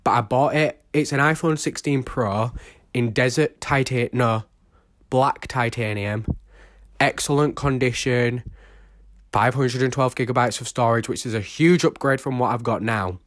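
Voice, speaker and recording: A man's voice: medium pitch, moderate pace, dry recording, studio quality. A young man chatting casually to camera as a vlogger, rambling and self-mocking, recorded on an old smartphone used as a microphone.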